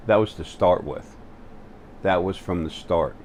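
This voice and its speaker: A man with a very low voice talks straight to the camera on his own spiritual channel. He keeps stopping on fillers and restarting his sentences, with a faint hum of noise under him. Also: a little mellow. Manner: halting, full of fillers and restarts. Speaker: channel host. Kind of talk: spiritual vlog monologue. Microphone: facing the camera.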